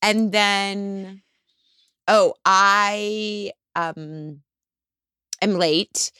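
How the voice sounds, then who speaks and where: A woman's voice: medium pitch, fairly even intonation, extremely slow, bright, forceful tone, smooth, dry recording, clean studio sound. A woman co-hosting a casual chat, candid and self-mocking, laughing often. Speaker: co-host.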